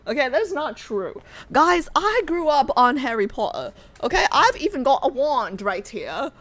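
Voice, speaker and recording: An American woman streaming a game, chatting casually with her viewers in an animated, joking way. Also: high voice, normal speed. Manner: animated, joking, talks to chat. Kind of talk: casual livestream chat.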